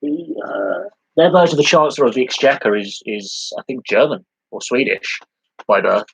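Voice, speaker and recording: A man's voice: medium pitch, lively intonation, a little fast, gravelly, a bit bright, slight background noise, low-quality recording. A man hosting a live sports podcast Q&A, talking in a rambling, conversational way with many restarts and long lists. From United Kingdom.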